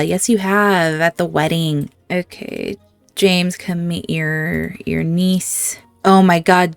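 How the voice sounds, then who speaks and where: A woman's voice: lowish voice, dry recording. A young woman giving chatty gameplay commentary, playfully scolding the characters in her game. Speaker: gaming video host.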